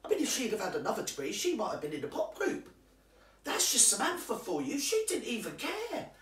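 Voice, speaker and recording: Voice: mid-range voice, wildly swooping pitch, fairly quick, fairly bright tone, distant mic. A performer playing a nosy, cheeky older woman who gossips about a friend, chatty and confiding. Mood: gossipy. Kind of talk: comic character monologue to camera. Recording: roomy sound from away from the mic.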